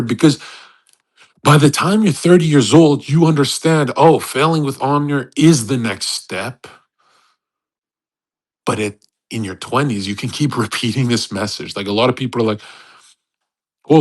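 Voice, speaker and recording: Husky man ranting with swings in volume. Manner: intense, swearing, jumps between loud outbursts and low muttering. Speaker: host. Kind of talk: casual motivational rant on a live audio stream. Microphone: home microphone on an online audio call.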